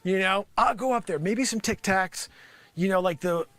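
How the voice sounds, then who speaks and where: A man's voice: sits high, moderate pace, fairly bright tone, no echo, faint music behind. A man doing an improvised comedic rant, exasperated and rambling. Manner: exasperated, rambling, repeats "freaking". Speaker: comedy performer.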